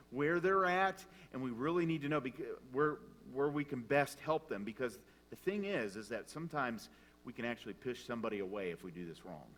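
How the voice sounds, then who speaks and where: A man preaching a sermon in a conversational, animated way, acting out the voices in the stories he tells. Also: mid-range voice. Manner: conversational, animated, acts out quoted characters. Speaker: pastor. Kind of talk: sermon storytelling. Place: church sanctuary. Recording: echoey room, from a distance.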